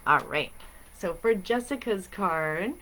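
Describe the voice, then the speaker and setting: A woman's voice: lowish voice, lively intonation, slow pace, sharp tone, slight background noise. A woman chatting in a bubbly, rambling way as she hosts a live stream of spiritual guidance. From Massachusetts. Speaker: spiritual reader and stream host.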